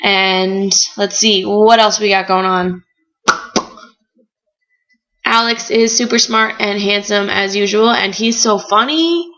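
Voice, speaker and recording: Young woman vlogger, chatty storyteller, bright tone, dull lo-fi recording. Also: medium pitch, slow, pauses often. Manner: chatty, animated storytelling with frequent "like". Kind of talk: casual chat.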